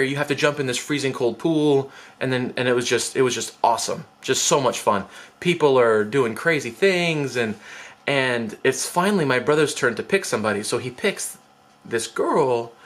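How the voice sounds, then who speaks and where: A man who used to be a teacher tells a personal story straight to camera. He talks at an ordinary middle pitch. He rambles and mocks himself in a chatty, easygoing way. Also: fairly bright tone. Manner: chatty, self-deprecating rambling. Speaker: former teacher.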